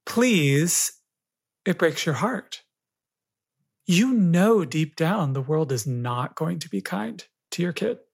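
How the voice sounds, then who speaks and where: A podcast guest giving calm, reflective advice in a thoughtful conversational way. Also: medium pitch, slow pace, vocal fry, husky. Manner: calm, reflective, laughs easily.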